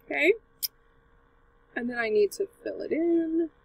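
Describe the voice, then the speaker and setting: A woman's voice: sits high, unhurried, distant mic, low-quality recording. A woman teacher walking young students through a drawing app step by step, in a patient and encouraging way. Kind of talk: screen-recorded tutorial for children.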